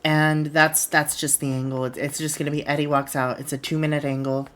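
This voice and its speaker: A woman's voice: low-pitched, level tone, brisk, fairly bright tone. A woman streamer casually narrating a wrestling booking game, retelling scenes in a chatty way.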